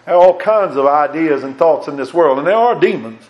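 A man preaching a sermon in a fairly high voice. He is fervent and emphatic, often repeating words as he goes. He swings from raised, urgent lines down to hushed ones. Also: animated, brisk, dull audio.

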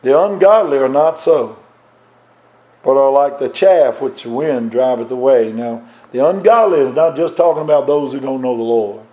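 A man preaching a sermon with a fervent, repetitive cadence, climbing higher and louder on emphatic points and dropping low and soft on reflective ones, with halting restarts. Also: lo-fi sound. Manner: rises in pitch and force on emphatic points, drops low and soft on reflective lines.

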